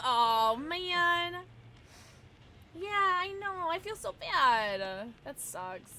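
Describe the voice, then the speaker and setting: A woman's voice: a little high, expressive, measured pace, a bit bright, slight background noise. A young woman streaming a game, chatting casually with her viewers and reacting with frequent giggles. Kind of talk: casual gaming livestream chat.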